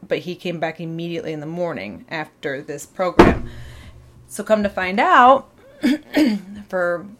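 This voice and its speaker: A woman in her thirties tells a personal story from home in a rambling, conversational way. Her voice sits a little low, and she backs up, corrects herself, and acts out what others said. She clears her throat now and then as she talks. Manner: rambling, with many fillers, self-corrections and acted-out quotes. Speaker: vlogger.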